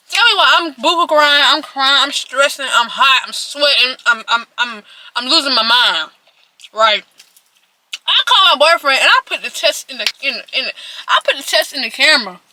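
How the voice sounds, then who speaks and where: A woman's voice: high-pitched, lively intonation, unhurried, pauses often, noisy background. An eighteen-year-old woman telling a personal story to her viewers while eating, in a chatty way that speaks straight to them. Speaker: vlogger.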